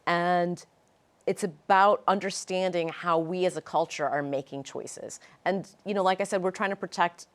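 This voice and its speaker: A woman's voice: on the low side, fairly even intonation, normal speed. A middle-aged woman author talking earnestly and animatedly in an interview, telling stories with feeling. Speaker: author guest. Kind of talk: casual interview chat.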